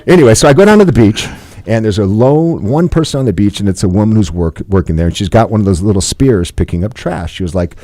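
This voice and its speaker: A man in his fifties telling a personal story as a podcast guest, playful and animated, laughing often. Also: on the low side, fast talker, no echo. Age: 50s.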